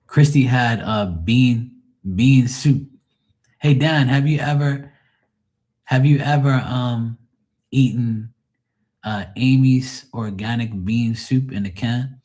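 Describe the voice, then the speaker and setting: A man's voice: medium pitch, fairly even intonation, takes it slowly, long pauses, a little mellow. A man hosting a live stream, chatting casually with viewers in a rambling, profane way and laughing often.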